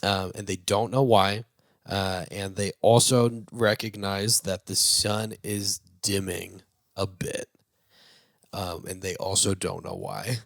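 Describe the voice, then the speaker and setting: A man's voice: deep voice, level tone, slow, creaky, fairly bright tone, dry recording, clean studio sound. A man hosting a movie review show, recapping a film's plot in a loose, rambling way with lots of fillers and restarts, and laughing now and then. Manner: laughs while talking.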